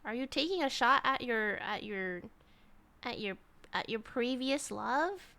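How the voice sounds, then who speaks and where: High, lively-voiced young woman streamer. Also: a little slow, gravelly, clean tone. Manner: rambling, full of "like" and restarts. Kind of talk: casual chat with live chat.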